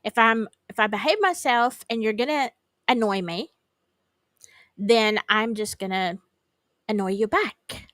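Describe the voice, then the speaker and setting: A woman's voice: medium pitch, a little slow, long pauses, fairly bright tone, no room sound. A woman with a Southern accent hosting a casual true-crime livestream, rambling and greeting her viewers by name.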